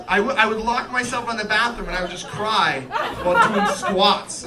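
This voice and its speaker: A young adult man performing a stand-up comedy set, lively and quick to act out voices, with audience laughter between his lines. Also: high-pitched, heavy background noise. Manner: animated, acts out voices in quick bursts. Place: comedy club stage with live audience. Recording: distant mic, loud crowd laughter.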